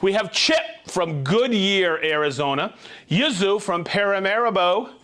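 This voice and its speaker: A man hosting a live-streamed show, reading out viewers' names and towns in a quick, jokey, upbeat way. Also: sits high, expressive, sharp tone. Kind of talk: casual live-stream shout-outs.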